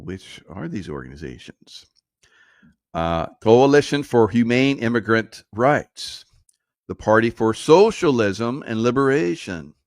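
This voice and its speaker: A man's voice: on the low side, no echo, studio quality. A man hosting solo political commentary, sarcastic and mocking, often laughing at his own jokes.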